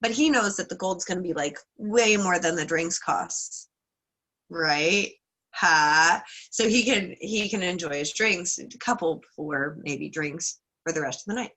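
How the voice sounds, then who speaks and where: A woman leading a class, telling a trickster folk tale in a lively, chatty way with asides. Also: on the low side, measured pace. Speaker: class leader. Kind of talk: casual storytelling lesson.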